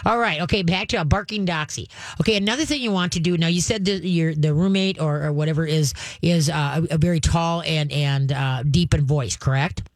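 In a radio studio, an older host offers callers dog-training advice in a joking, chatty style, checking in often with "okay?". The mid-range voice runs a little fast with few pauses, and there's no room sound.

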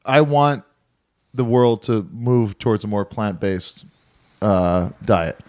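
A man hosting a podcast in casual chat, rambling and animated, often laughing as he tells stories. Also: fairly low pitch, slow pace. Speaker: podcast host.

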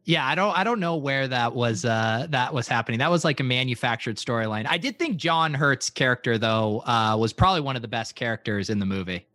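A man from Colorado chatting casually on a podcast, hesitant and quick to laugh. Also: medium pitch, sharp tone, no room sound, clean studio sound. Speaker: podcast guest. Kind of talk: casual chat.

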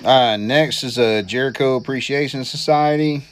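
A man co-hosting a podcast, going through a wrestling card in relaxed casual chat with short replies. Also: medium pitch, normal speed, slight background noise. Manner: laid-back, brief replies, reads out the match list. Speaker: podcast co-host.

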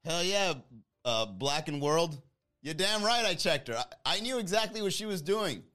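Male podcast host, comic storyteller, slightly higher voice, lively mimicry. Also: normal speed. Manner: animated, mimics people in his story.

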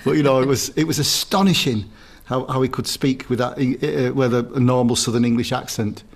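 Animated man telling a story. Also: medium pitch, fairly quick. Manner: animated anecdotes, mimics voices, laughs often. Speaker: co-host. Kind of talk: casual podcast chat.

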